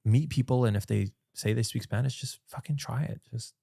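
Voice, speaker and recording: A man being interviewed as an actor guest, chatting in a relaxed way and telling stories with some swearing. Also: mid-range voice, a little fast, creaky, dry recording, studio quality. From Canada. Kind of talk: casual podcast interview.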